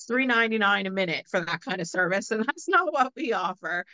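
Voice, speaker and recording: A woman, co-hosting a podcast and telling a story in a casual, animated way, laughing often. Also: mid-range voice, brisk, no room sound, dull audio. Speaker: podcast co-host.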